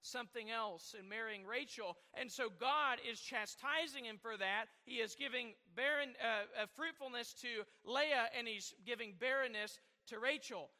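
Man preaching, very high voice, questions to the pews, long hall reverb. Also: moderate pace, hardly any pauses, sharp tone. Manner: rambling, asks the congregation questions. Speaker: pastor. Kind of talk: sermon.

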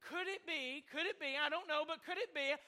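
Man preaching, very high voice, questions to the pews, long hall reverb. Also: a little fast, sharp tone. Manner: rambling, asks the congregation questions. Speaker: pastor. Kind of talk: sermon.

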